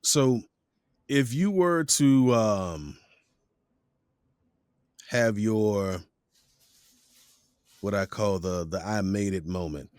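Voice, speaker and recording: Low-voiced relaxed male podcast host. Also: clear, resonant tone, no echo, clean studio sound. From Florida. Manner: relaxed, measured, sets up questions with scenarios. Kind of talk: casual podcast conversation.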